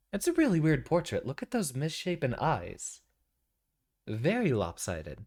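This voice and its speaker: A man's voice: mid-range voice, huge pitch swings, moderate pace, darkish tone. A man streaming a game, making self-deprecating, muttered asides. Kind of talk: casual game commentary.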